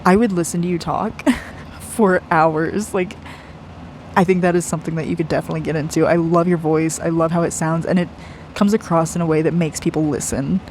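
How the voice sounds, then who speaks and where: An aura reader giving a personal spiritual reading to one client, gushing and effusive, soft and earnest, often saying "like". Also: medium pitch, steady tone, a little fast, a little hiss or hum, rough recording. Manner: gushing and effusive, heavy use of "like".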